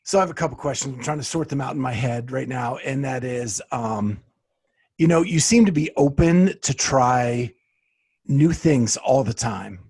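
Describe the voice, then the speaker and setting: A middle-aged man hosting a podcast, asking friendly questions in a relaxed, laughing way. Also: medium pitch, normal speed, slightly rough. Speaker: podcast host. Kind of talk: casual interview.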